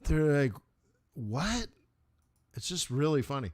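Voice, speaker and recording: An American man hosts a live forex trading stream, chatting casually and rambling through anecdotes while laughing at his own stories. His medium-pitched voice is smooth and unhurried, with lively intonation. The recording is dry, with clean studio sound.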